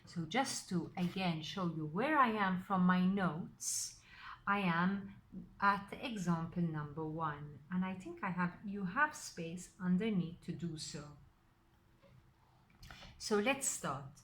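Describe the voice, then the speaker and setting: A woman's voice: lowish voice, lively intonation, slow pace, fairly bright tone, a little hiss or hum. A woman, teaching a recorded maths lesson step by step and stressing key words.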